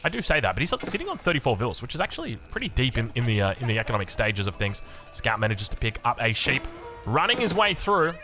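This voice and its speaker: An Australian man casting a strategy game, rambling excitably into anecdotes with lots of restarts. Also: mid-range voice, fast, soft background music. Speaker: game caster.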